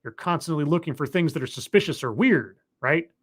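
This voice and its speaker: A casual show reviewer talking through an episode on a live stream. The delivery is wry and sarcastic, full of asides and fillers, often stopping to fix what is on screen. Middle pitch. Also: lively intonation, fairly quick, husky. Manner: rambling, with fillers and restarts while clicking through footage. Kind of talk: casual episode recap commentary.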